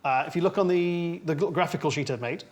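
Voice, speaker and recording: A man's voice: a little high, fast talker, slight background noise. A man with an English accent, narrating as dungeon master in a tabletop game and laughing often as he rambles. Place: indoor room.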